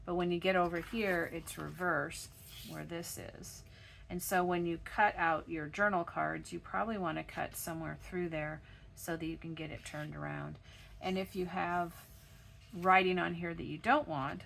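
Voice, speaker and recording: A woman with a froggy, gravelly voice, chatting step by step through a crafting tutorial at her home craft desk. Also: on the low side, steady tone, moderate pace, a bit bright, a little hiss or hum. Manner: chatty step-by-step explaining while working. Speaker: craft channel host.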